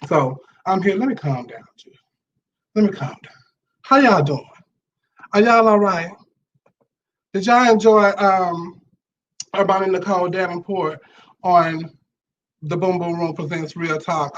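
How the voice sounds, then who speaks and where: A high-pitched man hosts a chatty late-night live stream, sassy and animated as he greets his viewers. The audio sounds dull and lo-fi. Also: normal speed. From Monroe, Louisiana. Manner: sassy, animated, calls viewers child and honey. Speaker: talk show host. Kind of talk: casual live-stream talk show.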